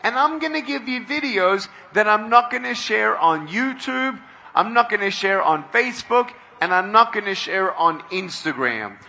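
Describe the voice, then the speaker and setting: A middle-aged man giving a motivational speech to a large crowd at an outdoor event, leading call-and-response and often shouting. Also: high voice, animated, normal speed, gravelly, slight background noise. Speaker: motivational speaker.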